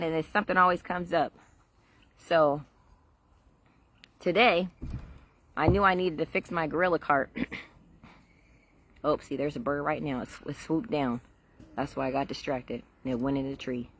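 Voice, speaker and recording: Chatty middle-aged woman gardener streaming outdoors on a phone, slightly low voice, faint outdoor hiss. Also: normal speed, pauses often, fairly bright tone. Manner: chatty and rambling, laughs often. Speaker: vlogger on a garden livestream. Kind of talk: casual livestream chat. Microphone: phone livestream.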